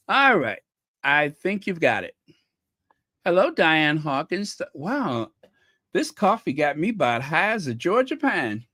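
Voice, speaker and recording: A man's voice: a little high, big pitch swings, unhurried, a bit bright, no echo, studio quality. An American man hosting his own channel, talking casually to viewers in a rambling, playful way with lots of fillers. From United States. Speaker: channel host.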